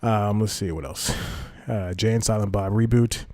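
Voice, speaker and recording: A young man hosts a solo podcast in a low, mellow voice, wandering from thought to thought with self-mocking asides. The sound is dry and close with no room to it. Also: steady tone, moderate pace, dry recording. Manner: loose, self-deprecating, restarts sentences. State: slightly out of breath. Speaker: podcast host. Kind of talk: rambling solo podcast talk.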